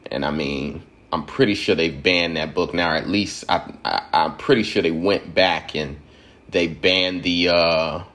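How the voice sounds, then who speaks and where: A man's voice: low voice, unhurried, a bit bright. A man from Georgia, giving a loose, profane commentary monologue and laughing at his own points.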